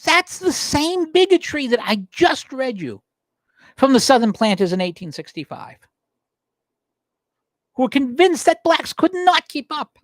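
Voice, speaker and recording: Male talk host, heated emphatic monologue, very animated pitch, dry close sound. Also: a little slow, long pauses, no room sound. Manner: heated, emphatic, pitch rising sharply when worked up. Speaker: political talk show host. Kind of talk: impassioned political monologue. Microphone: livestream desk microphone.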